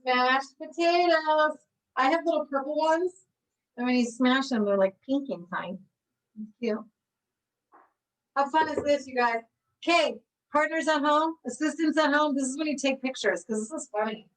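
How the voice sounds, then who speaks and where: A woman's voice: sits high, normal speed, recorded from a distance, low-quality recording. A woman leading a live online cooking class, bubbly and encouraging, laughing often as she talks her students through each step. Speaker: recreation therapy cooking instructor.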